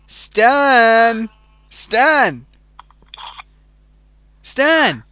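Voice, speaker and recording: Slow, sing-song pestering friend. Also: medium pitch, sing-song, pushed and bright, no room sound. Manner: pestering, insistent, giggly. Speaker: friend calling in. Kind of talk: casual phone chat.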